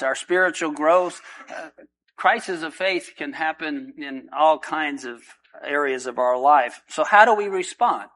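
A man, a pastor, praying and then preaching a sermon in an earnest, unhurried way with frequent filler pauses. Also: a little high, sharp tone, rough recording.

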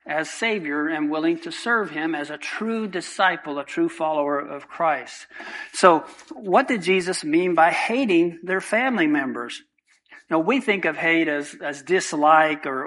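Man, pastor, sermon, higher-pitched voice, emphatic, rhetorical questions. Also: fairly bright tone, rough recording.

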